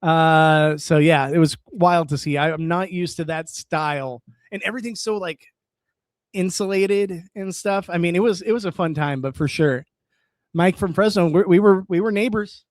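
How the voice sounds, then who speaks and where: A young man from California chatting casually on a live stream, reading viewer comments and reacting in an excitable way, laughing often. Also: sits high, normal speed, dry recording, studio quality.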